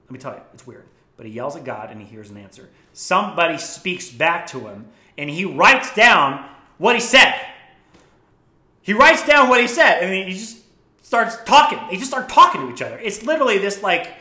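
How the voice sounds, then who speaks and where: In an echoey room, a young man vlogs about books he likes, swearing freely and telling stories with enthusiasm. He speaks with a fairly high pitch and a sharp tone.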